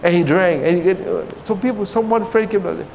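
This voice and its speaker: High-voiced guy giving a chatty sermon, keeps saying right?, big hall, low rumble behind. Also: quick pace, vocal fry, a little mellow. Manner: conversational, keeps asking "right?", tells jokes. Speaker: preacher. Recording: reverberant hall with faint rumble.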